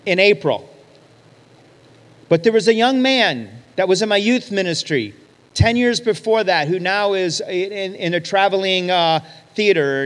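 A pastor with a fairly high voice tells stories from the pulpit and acts out the people in them. His words ring out with long reverb in a large hall or church. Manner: lively storyteller, acts out quoted voices. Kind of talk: sermon storytelling.

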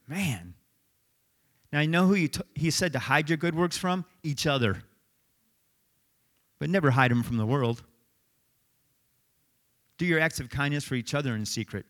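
Man, middle-aged, animated sermon, lively rising voice, storytelling preacher. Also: medium pitch. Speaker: pastor.

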